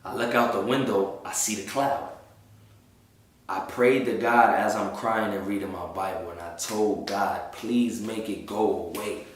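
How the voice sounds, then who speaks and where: A man with a fairly low voice recounts a personal faith testimony in casual street slang, briefly acting out the voices of others. The recording sounds very echoey, as if made in a bare room. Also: fairly even intonation, measured pace, distant mic, slight background noise. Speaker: testimony speaker.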